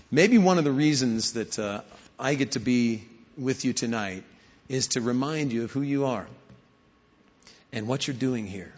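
A man's voice: mid-range voice, expressive, a little slow, pauses often, darkish tone. A man preaching a sermon, telling stories and rising to emphatic questions. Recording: hall reverb, dull lo-fi sound.

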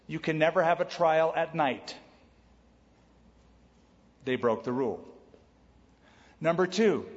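A man preaches a sermon with a slightly high voice, talking to the room conversationally and dropping in quick quoted lines. The sound is somewhat dull, with a long reverb tail from a large church sanctuary. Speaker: pastor.

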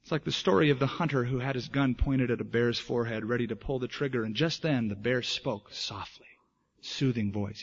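A man preaching a sermon as pastor, lively and emphatic, acting out the voices of people in his stories. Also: medium pitch, brisk, slightly rough. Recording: dull lo-fi sermon recording.

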